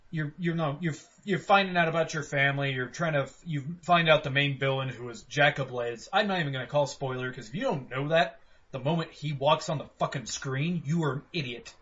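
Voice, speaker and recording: A man co-hosting a casual game review podcast, animated and swearing freely as he talks. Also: a little high. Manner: animated, swears freely, puts on voices for quotes. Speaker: podcast co-host. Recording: dull lo-fi podcast audio.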